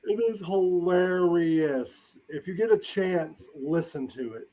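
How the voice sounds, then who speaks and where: A man's voice: fairly high pitch, slow, warm tone. A man co-hosting a podcast, chatting casually with crude jokes. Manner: crude, laughing. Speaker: podcast co-host. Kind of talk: casual chat. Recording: dull lo-fi sound.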